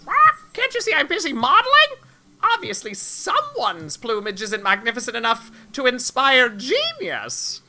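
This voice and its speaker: A woman voicing a vain, pompous male rooster in a video game, with a shrill, squawking delivery. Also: wildly swooping pitch, a little slow, pushed and bright, heavily acted. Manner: haughty, theatrical.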